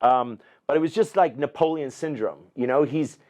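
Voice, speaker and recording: A middle-aged man talks as a podcast guest at a mid-range pitch, neither high nor low. He tells his story casually and with energy, curses freely, and slips into the voices of the people he describes. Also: normal speed. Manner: animated, profane, acts out other people's lines.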